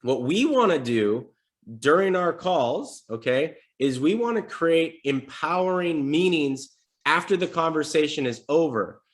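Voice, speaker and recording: On a live stream from his home desk, a man with a somewhat high voice coaches salespeople, speaking a little slowly. He's casual and energetic, teaching conversationally and acting out sample sales calls as role-played examples.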